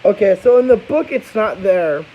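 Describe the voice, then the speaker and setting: Tired young guy, high voice, rambling vlog review; dull, hissy audio. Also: lively intonation, normal speed. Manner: rambling, profane, restarts a lot. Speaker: book and episode reviewer. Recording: dull hissy home recording.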